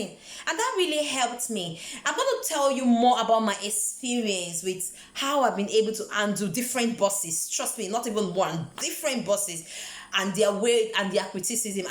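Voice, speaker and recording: A woman from Nigeria with a Nigerian accent, giving an earnest, emphatic motivational talk about work, often repeating words as she searches for the next one. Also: mid-range voice. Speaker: vlogger. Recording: echoey room.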